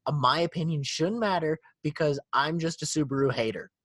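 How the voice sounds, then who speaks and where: A man's voice: a little high, fairly quick, husky, no room sound. A man hosting a casual car podcast, swearing and laughing as he rants. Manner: profane, animated, laughing ranter. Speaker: podcast host.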